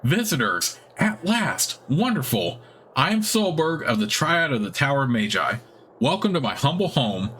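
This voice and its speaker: A man's voice: medium pitch, lively intonation, fairly quick, fairly bright tone, slight background noise, lightly acted. Chatty elderly wizard, eager, talkative, lonely, a man voicing him, fantasy game dialogue. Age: older.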